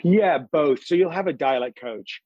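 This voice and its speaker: Male guest, acting teacher type, husky timbre, earnest and casual, dry close sound. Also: a little high, moderate pace, dry recording, muffled recording. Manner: earnest, explanatory, says "bro". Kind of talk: casual interview chat.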